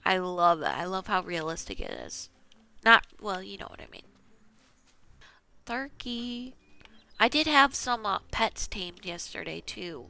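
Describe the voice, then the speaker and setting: A woman who hosts a gaming channel talks casually to herself while playing a video game, chatty and poking fun at herself. Her mid-range voice is sing-song, gravelly and sharp, unhurried and full of pauses, with no echo.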